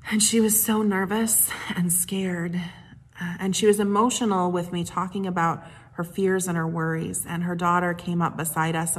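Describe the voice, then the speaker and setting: A woman pastor giving a sermon, telling personal stories in a gentle, unhurried way with soft, hushed moments. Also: on the low side.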